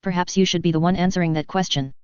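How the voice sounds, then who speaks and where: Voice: mid-range voice, steady tone, fast, clean tone, dry recording, muffled recording, natural voice. A reader voicing a proud, wary middle-aged French industrialist who speaks in an indignant, clipped way, in an audiobook reading.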